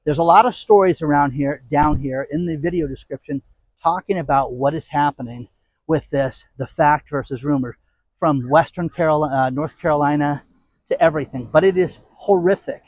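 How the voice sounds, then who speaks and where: A man's voice: a little high, moderate pace, darkish tone, no echo. A man hosting his own commentary channel, ranting outdoors in a heated, exasperated way with sarcastic asides. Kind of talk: angry commentary rant.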